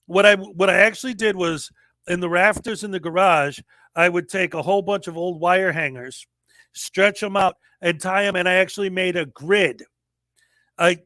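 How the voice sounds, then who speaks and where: A man in his forties hosting a livestream, telling a story in a lively casual way and acting out the people he quotes. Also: sits high, dry recording. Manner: animated storyteller, acts out quoted voices. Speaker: livestream host.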